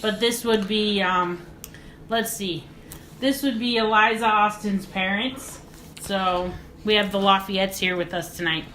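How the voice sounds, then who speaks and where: A woman co-hosting a casual movie podcast, chatty with quick interjections, recorded at someone's home. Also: medium pitch, fairly even intonation, a bit bright, reverberant, a little hiss or hum. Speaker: podcast co-host. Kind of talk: casual movie review chat. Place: guests' home, remote location.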